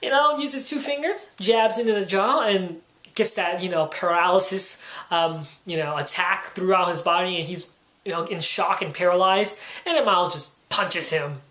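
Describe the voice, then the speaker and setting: A woman's voice: on the low side, normal speed, fairly bright tone, echoey room. A woman giving a casual spoken comic book review, rambling and leaning on "you know" and "um".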